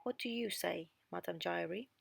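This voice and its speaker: Woman doing a tired, calm opera director. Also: on the low side, normal speed, vocal fry, a little hiss or hum. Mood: weary. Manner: weary, patient.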